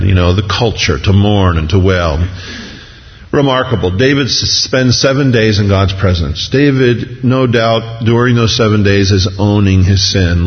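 A man preaching a sermon, reading scripture aloud and then explaining it, acting out the voices of the people in the story. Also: a little slow. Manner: reads scripture then expounds, acting out voices with rising pitch. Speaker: pastor. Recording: dull, lo-fi sound with long hall reverb.

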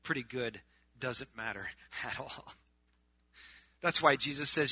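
A man preaching a sermon to a group, swinging from loud, urgent appeals to hushed, quiet stretches. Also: mid-range voice, slow, husky, no echo, highs cut off.

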